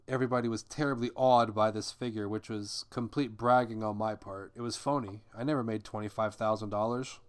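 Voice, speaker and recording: A man's voice: mid-range voice, steady tone, fairly quick, few pauses, clean tone. A man hosting a podcast, reading a memoir aloud in a casual way and breaking off to comment on it. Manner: conversational, breaks off to comment and curse. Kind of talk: casual read-aloud with personal asides.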